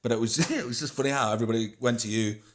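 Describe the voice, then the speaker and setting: A man's voice: mid-range voice, rapid-fire, a little hiss or hum. A middle-aged man hosting a podcast, chatting casually with frequent swearing and stumbling restarts. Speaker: podcast host. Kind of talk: casual chat.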